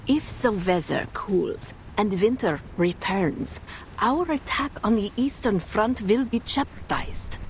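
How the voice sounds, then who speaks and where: A woman voicing a cold, fanatical female Ritualist officer who speaks with calm, chilling devotion in a game. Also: mid-range voice, gravelly, slight background noise. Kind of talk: game voice acting.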